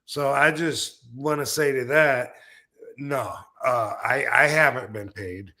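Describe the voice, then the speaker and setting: Male stream host, mid-pitched, talking loosely and bluntly with crude humor and lots of filler. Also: slow, bright, forceful tone. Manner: rambling and blunt, with crude jokes and many fillers. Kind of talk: casual live-stream chat.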